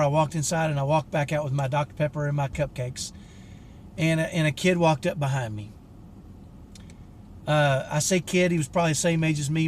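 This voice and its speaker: A man's voice: a little high, slight background noise. Earnest fifties man telling a story. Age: 50s. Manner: earnest and direct, frank about his temper. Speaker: parenting coach for fathers. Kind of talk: candid personal storytelling to camera.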